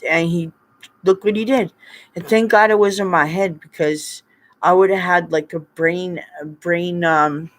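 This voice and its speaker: A man's voice: sits high, steady tone, a little slow, a bit bright, a little hiss or hum. A man, rambling through a personal story and laughing often between remarks. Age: 50s. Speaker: vlogger.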